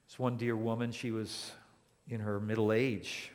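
A man preaching a sermon as a pastor, speaking deliberately and building to emphatic declarations. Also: fairly low pitch, flat delivery, a little mellow, big-room sound. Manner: slow and deliberate, rising to emphatic.

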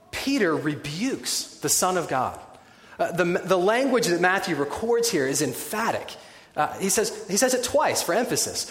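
A man preaching a sermon in a conversational, animated way, with wry humorous asides. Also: sits high. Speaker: pastor. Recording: echoey hall with long reverb.

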